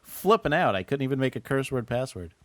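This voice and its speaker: A man's voice: medium pitch, sing-song, fairly quick, fairly bright tone, no echo. A man co-hosting a casual comedy podcast, telling exasperated stories and reading out listener messages. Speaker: podcast co-host.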